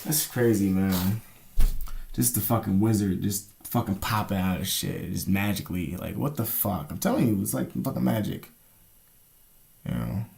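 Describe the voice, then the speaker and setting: A man's voice: sits low, normal speed, gravelly, a little mellow. A young man telling a rambling, profane story in a casual vlog, often asking "you know what I'm saying". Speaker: vlogger.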